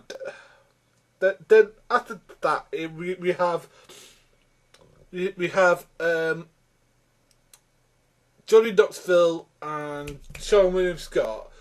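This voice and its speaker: A man ranting through a film review, exasperated and rambling with many restarts. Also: fairly high pitch.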